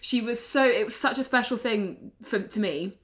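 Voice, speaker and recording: A young woman co-hosting a podcast in casual chat, animated, laughing often and swearing freely. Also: fairly high pitch, moderate pace. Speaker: podcast co-host.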